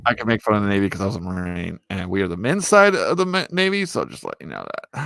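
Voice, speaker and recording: Lively low-voiced man teasing his friends. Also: fast, creaky. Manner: animated, laughs a lot, acts out mocking voices; crude teasing banter. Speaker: streamer host. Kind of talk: casual chat.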